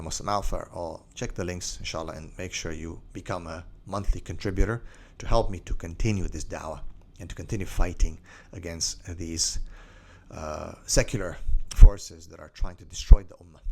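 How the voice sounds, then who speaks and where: A man who works as an Islamic life coach, telling a story in a lively, scattered way with many asides. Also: deep voice, a little hiss or hum. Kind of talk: storytelling monologue.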